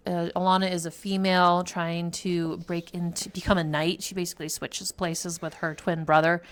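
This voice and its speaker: A woman's voice: lowish voice, fairly bright tone, clear, resonant tone. A middle-aged woman chatting casually about books, rambling and correcting herself. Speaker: book reviewer, mother. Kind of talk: casual book chat.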